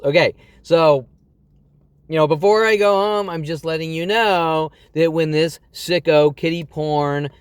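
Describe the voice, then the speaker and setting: A man in his twenties rants on in a smooth, fairly high voice, agitated and repetitive. He stumbles through fillers and self-corrections. The recording is dry and close, with no room echo. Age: 20s. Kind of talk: rambling monologue vlog.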